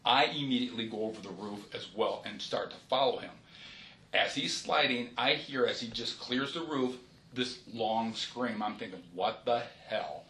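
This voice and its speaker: A man, a police supervisor, recounts a shooting in detail during a formal interview, in halting runs with restarts and a polite "yes, sir.". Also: mid-range voice, sharp tone, slight background noise. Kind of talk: recorded investigative interview.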